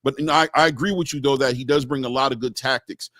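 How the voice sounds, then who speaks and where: A man hosting a casual boxing live stream, reading out viewer comments and giving shout-outs in a loose, chatty way. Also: mid-range voice, steady tone, fast talker, no echo, clean studio sound. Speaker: boxing show host.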